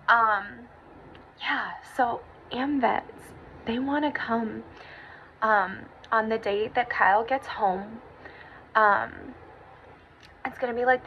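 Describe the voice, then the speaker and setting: Through dull, lo-fi audio with a faint hiss, a young woman vlogger speaks in a fairly high, fairly bright voice. She gives a casual personal update, gushing and tearing up, with lots of filler words.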